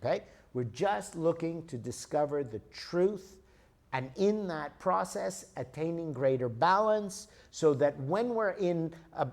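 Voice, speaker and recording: A man giving a lecture and answering an audience member, explaining patiently and often checking in with "okay?" and "right?". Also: a little high. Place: lecture room.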